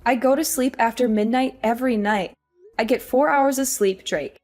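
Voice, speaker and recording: An actress playing an exhausted young working wife, weary and pleading. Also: female voice, fairly high pitch, normal speed, darkish tone, soft background music, close to an everyday voice. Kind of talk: audio drama acting.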